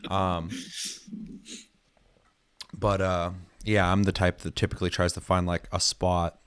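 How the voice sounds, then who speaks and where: Man, low voice, rambling podcast storyteller, swears a lot, casual gaming chat. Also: little pitch movement, a little slow, a bit bright, smooth. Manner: rambling storyteller, heavy swearing, many fillers. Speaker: podcast co-host.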